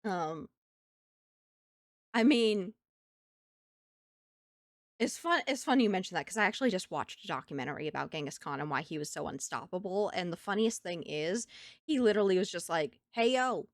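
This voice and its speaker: A woman streamer in casual chat from home, animated and laughing often between thoughts. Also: fairly low pitch, normal speed, long pauses, no room sound, studio quality. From United States.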